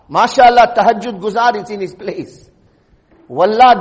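High-voiced male preacher in a reverberant hall. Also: expressive, normal speed. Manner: emphatic, rhetorical questions, repeats key phrases. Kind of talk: Friday sermon. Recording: long reverb of a large hall.

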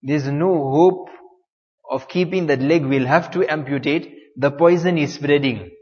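A man's voice: on the high side, a little slow, big-room sound, highs cut off, pitched below the performer's own voice, lightly acted. A man playing a grave doctor with bad news.

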